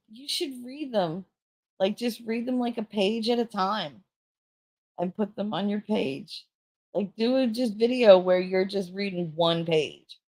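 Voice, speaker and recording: A woman's voice: medium pitch, a little mellow. A woman hosting a casual livestream chat with viewers, talking in a rambling, frank and joking way. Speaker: livestream host.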